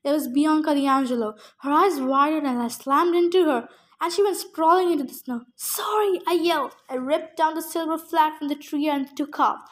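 High-voiced woman reading a novel aloud. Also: moderate pace. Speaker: audiobook reader.

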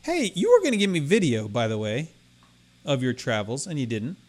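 A man co-hosting a podcast in casual conversation. He rambles through his stories, stopping and restarting often, and his voice moves through a wide, lively pitch range. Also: normal speed. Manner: rambling, self-interrupting storyteller. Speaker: podcast co-host. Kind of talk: casual chat.

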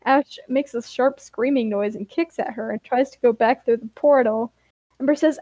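A young woman with a high voice reads her old fan story aloud and giggles between lines. Her voice rises further whenever she quotes the characters. The recording is close and dry. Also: normal speed, warm tone, no room sound. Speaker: podcast co-host.

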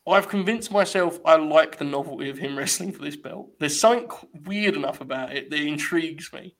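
Host, a bit higher voice, teasing and swearing, laughs a lot. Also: male voice, fairly quick, fairly bright tone. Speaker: podcast host. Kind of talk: casual chat.

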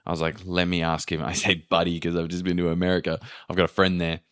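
A man's voice: low-pitched, completely flat delivery, quick pace, fairly bright tone, smooth. A young man telling a travel story in casual chat, swearing freely and acting out what people said. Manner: swears a lot, acts out quotes with filler "da, da, da".

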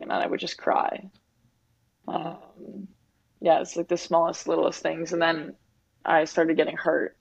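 This interview guest, a Canadian athlete from Winnipeg in her twenties, speaks in a low, level voice that's unhurried, creaky and breathy at the edges, pausing often. She's open and reflective, heavy on "like" and "um", in a dull, dry lo-fi recording.

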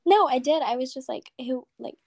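A young woman co-hosting a podcast in casual chat, teasing, apologetic and quick to laugh. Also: high voice, animated, gravelly, a little mellow, no echo, clean studio sound. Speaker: podcast co-host.

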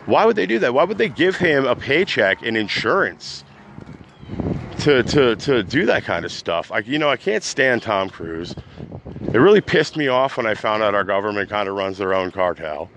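An agitated man rants on his own podcast, rambling and restarting as he swings between loud outbursts and low mutters. His voice sits mid-pitched. A faint hum of ambience runs behind him. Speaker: podcast host. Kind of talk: unscripted rant.

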